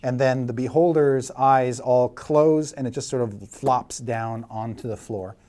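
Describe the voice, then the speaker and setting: A middle-aged man narrating as game master in a tabletop game, vivid and laughing with filler pauses. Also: mid-range voice, steady tone, warm tone. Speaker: dungeon master.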